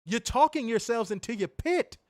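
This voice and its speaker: Fiery, profane man ranting, high and animated. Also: moderate pace, no room sound, clean studio sound. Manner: profane, fiery, repetitive rhetorical questions. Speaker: wrestling podcast co-host. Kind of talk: heated ranting commentary.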